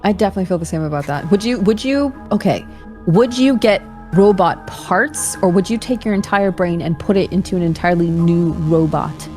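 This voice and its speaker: A woman's voice: fairly low pitch, fairly quick, darkish tone, soft background music. A woman guest streamer in casual chat, flustered and full of questions.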